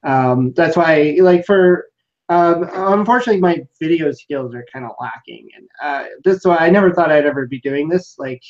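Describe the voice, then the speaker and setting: A man hosting a casual interview over a video call, speaking haltingly and repeating his words. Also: on the high side, darkish tone. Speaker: host. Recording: dull lo-fi video call audio.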